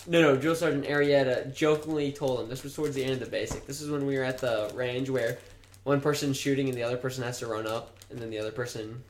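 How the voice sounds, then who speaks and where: A man's voice: mid-range voice, steady tone, quick pace, slight background noise. A young man co-hosting a podcast, telling rambling, profane stories and laughing at them. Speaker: podcast co-host. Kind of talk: casual chat, storytelling. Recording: roomy echo.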